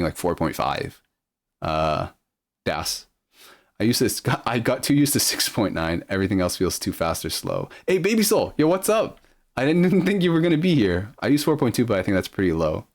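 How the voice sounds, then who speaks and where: A man with a deep, low-pitched voice, talking casually on a live stream. He reads viewer messages aloud and answers them loosely, with plenty of ums and restarts. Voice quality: low speaking voice.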